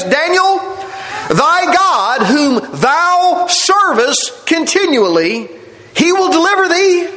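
Man preaching, high voice, lively swings, dramatic storytelling, echoey church room. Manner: dramatic, storytelling, acts out scenes. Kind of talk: sermon.

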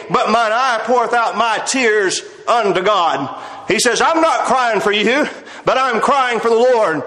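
A man's voice: high-pitched, pushed and bright, reverberant, rough recording. A man preaching a sermon, quoting old-fashioned scripture and calling his listeners "my friends.". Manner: reads scripture in old-fashioned King James phrasing, addresses listeners as "my friends".

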